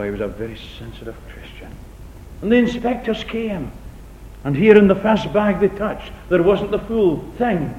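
A middle-aged man delivers an earnest, dramatic sermon in a church hall, repeating key phrases for emphasis and shifting between loud appeals and near-whispers. The audio sounds echoey and dull, with a low rumble underneath.

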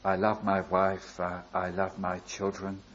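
Preacher doing a humble slave guy, pleading and earnest, slow, muffled old recording. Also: sits low, monotone, a bit bright, slight background noise. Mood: tender devoted. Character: devoted humble male slave, grown man.

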